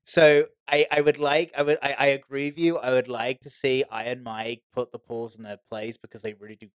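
A man's voice: mid-range voice, little pitch movement, a little fast, smooth, dry recording. A man from Britain co-hosting a podcast, telling stories in casual chat with many stammered restarts. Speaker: podcast co-host.

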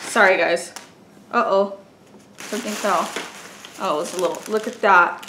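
A woman's voice: medium pitch, unhurried. Gushing woman unboxing in an echoey room. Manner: gushing, exclaims often over each item. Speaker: beauty and craft vlogger. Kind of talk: casual unboxing chat. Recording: echoey room with faint noise.

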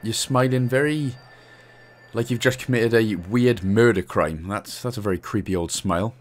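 A young Welshman with a lowish voice gives casual gameplay commentary at a moderate pace over soft background music. Walking through the game in a chatty, cheeky manner, he jokes and laughs as he plays.

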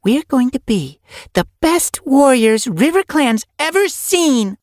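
A brave, restless boy kitten speaks in a very high, bouncing voice full of boasts. The storybook reading is close and dry. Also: very animated, slow, no echo, exaggerated voice. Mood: eager. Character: bold eager young male kitten, brave and restless.

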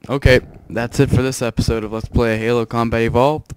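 A man's voice: mid-range voice, steady tone, brisk, smooth, no echo. A young man commenting on his own gameplay, muttering panicky exclamations and swearing a lot. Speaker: let's play gamer. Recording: noisy gameplay recording.

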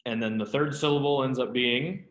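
A man teaching a Hebrew grammar class, talking students through the exercises with relaxed, self-deprecating asides and quick questions. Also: mid-range voice, reverberant. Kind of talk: classroom lesson.

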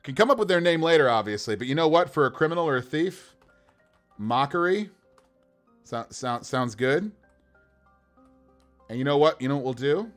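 A man chatting casually on a livestream as a game master, building characters by rolling dice, animated and laughing often. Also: fairly high pitch, normal speed, long pauses, soft background music.

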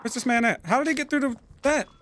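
A man giving casual, profane gameplay commentary, prone to loud excited outbursts. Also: very high voice, fast talker. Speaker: gaming YouTuber.

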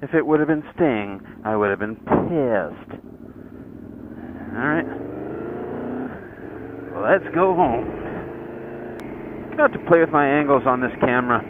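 A Canadian man vlogging from his motorcycle, rambling casually, repeating himself and swearing as he rides and tells stories. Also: fairly high pitch. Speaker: motovlogger. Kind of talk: casual motorcycle vlog with storytelling. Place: outdoors on a motorcycle on the road. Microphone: helmet-mounted action camera. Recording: tinny helmet camera audio with road noise. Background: traffic and wind noise.

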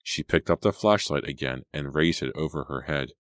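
A man narrating a suspense audiobook in a measured, suspenseful way. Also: rumbling low, a bit bright, no room sound. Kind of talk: dramatic audiobook reading.

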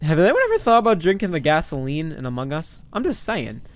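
Goofy high-voiced young man gaming. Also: very animated, fast. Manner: goofy, rambling, playful, sudden loud outbursts. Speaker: gaming YouTuber. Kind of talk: let's play commentary. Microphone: desk microphone.

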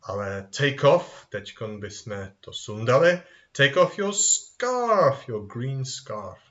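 Male kids' English teacher, bouncy sing-song delivery, unhurried, muffled lo-fi sound. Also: medium pitch. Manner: animated, sing-song, models phrases and answers himself. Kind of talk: children's language lesson review. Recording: dull lo-fi recording.

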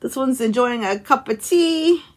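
A woman from the United States hosts her craft channel, opening handmade mail in casual chat. Her voice sits fairly high and swoops up and down as she exclaims and chuckles over each item. She sounds gushing and warmly delighted throughout. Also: expressive, measured pace. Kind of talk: casual unboxing chat to camera.

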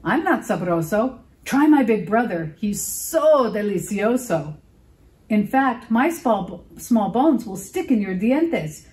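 A woman's voice: mid-range voice, sing-song, takes it slowly, darkish tone. A woman voicing a tiny, timid billy goat in a picture-book read-aloud, speaking in a nervous, pleading way.

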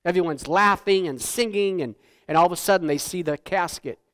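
A man's voice: sits high, a little fast, smooth. Man preaching in a reverberant church. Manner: conversational preaching, dropping to a hush for solemn points; tag questions, repeats words. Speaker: pastor. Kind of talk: sermon. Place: church sanctuary. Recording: church hall with long reverb.

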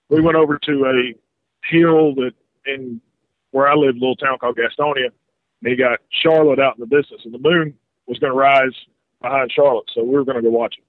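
A man's voice: medium pitch, dry recording. A man from North Carolina calling into a radio show, telling a rambling story with many hesitations. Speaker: caller. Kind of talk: phone call-in conversation. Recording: tinny dry phone line.

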